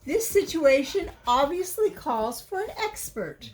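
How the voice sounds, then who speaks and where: A woman's voice: sits high, big pitch swings, a little slow, a little mellow, echoey room, slight background noise, pitched above the performer's own voice. A woman doing a pompous, know-it-all owl. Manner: formal, self-important. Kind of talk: children's storybook read-aloud.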